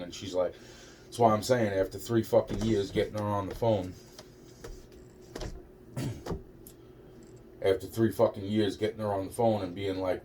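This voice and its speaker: A man's voice: on the low side, little pitch movement, normal speed, a little mellow. A man talking in a rambling personal monologue, agitated and repetitive, swearing heavily and restarting his sentences. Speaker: vlogger. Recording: distant mic with faint background noise.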